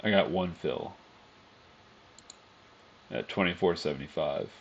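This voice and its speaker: A low-voiced, gravelly man talks his viewers through his live trades, cursing often and muttering to calm himself down between moves. The stream audio is dull and lo-fi. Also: a little slow, a little hiss or hum. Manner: swears often, groans and mutters at the market; calms himself down out loud. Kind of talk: live trading commentary.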